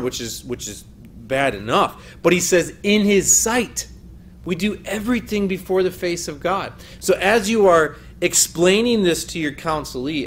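A man's voice: a little high, slight background noise. A man teaching a lesson on biblical counseling in an earnest, emphatic way, often quoting scripture. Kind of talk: recorded teaching lecture.

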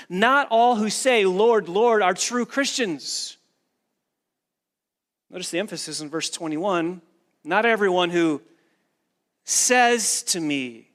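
A man's voice: sits high, fairly bright tone. A man preaching a sermon in an earnest, emphatic way, driving points home with repeated phrases. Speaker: pastor.

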